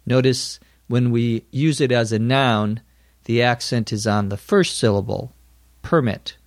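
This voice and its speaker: A man's voice: mid-range voice, steady tone, a little slow, dry recording, studio quality. A man teaching English vocabulary, explaining words carefully in a scripted lesson.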